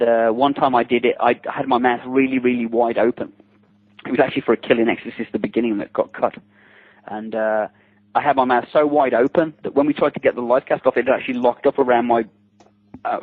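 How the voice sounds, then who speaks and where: A middle-aged man with a husky, breathy voice tells chatty behind-the-scenes stories as an interview guest. He sounds amused and laughs between anecdotes. The recording is dry and somewhat dull and lo-fi. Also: mid-range voice, dry recording. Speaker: interview guest, special effects makeup artist. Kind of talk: casual anecdotal storytelling.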